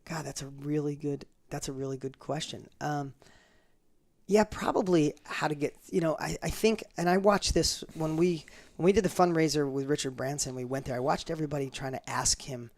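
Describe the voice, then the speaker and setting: A man telling stories as an interview guest, animated and full of tangents. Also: fairly high pitch, moderate pace, vocal fry, no room sound. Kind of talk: storytelling in a casual interview.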